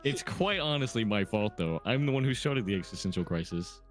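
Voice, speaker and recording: A man's voice: lowish voice, animated, faint music behind. A young man co-hosting a casual podcast, teasing his friend and jumping in to interject. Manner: teasing, quick to laugh and interject. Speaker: podcast co-host. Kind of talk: casual chat.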